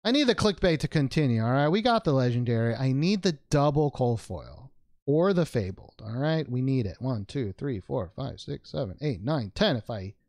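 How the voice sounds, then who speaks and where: Male card-unboxing host, casual and jokey, with a gravelly edge and a close, dry sound. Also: medium pitch, animated, moderate pace, darkish tone, no room sound. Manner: rambling, joking, with playful made-up words.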